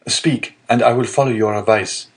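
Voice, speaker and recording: A man's voice: mid-range voice, fairly even intonation, moderate pace, pitched above the performer's own voice, close to an everyday voice. A man voicing an innocent young male prisoner who pleads earnestly. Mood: pleading.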